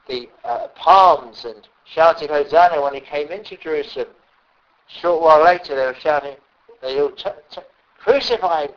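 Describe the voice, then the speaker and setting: A man preaching a sermon, often pausing and repeating words as he stresses a point. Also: on the high side. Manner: halting, repeats words, emphatic. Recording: dull lo-fi recording.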